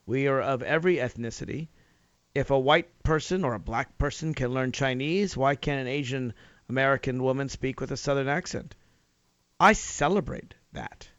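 Hosting an opinion talk radio monologue, this Nashville, Tennessee man makes his point through rhetorical questions and emphatic rises. His medium-pitched voice is smooth and moves at a moderate pace. The recording has no echo but sounds dull.

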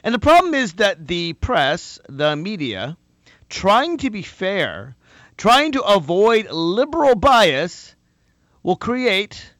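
A man hosting a political talk show, delivering an animated monologue and mocking his opponents' replies. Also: a little high, no room sound. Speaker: host.

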